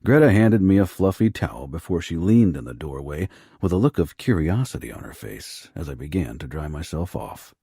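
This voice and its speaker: A man narrating a first-person romance audiobook in a low, rough, hushed delivery. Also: very animated, moderate pace, no room sound, studio quality.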